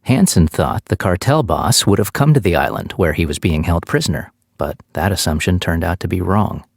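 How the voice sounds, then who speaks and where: Deep-voiced male audiobook narrator. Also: gravelly, dry recording, studio quality. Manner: steady, measured storytelling.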